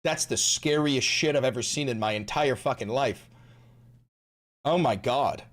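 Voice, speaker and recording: A man hosting a live stream, ranting about politics with heavy swearing and sudden shouts. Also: medium pitch, unhurried. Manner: profane, ranting, bursts into shouting. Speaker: livestream host.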